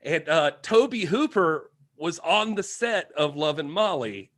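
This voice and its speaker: A man's voice: fairly high pitch, sing-song, takes it slowly, a bit bright, dry recording, studio quality. A man co-hosting a podcast, talking casually and digressively, joking and laughing often. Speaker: podcast co-host. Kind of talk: casual chat.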